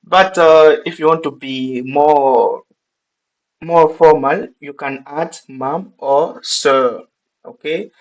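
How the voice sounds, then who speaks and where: A man from Burkina Faso with a Burkinabe French accent, a native French speaker teaching an online lesson and repeating each phrase slowly, checking in with "okay?". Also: on the high side, steady tone, low-quality recording.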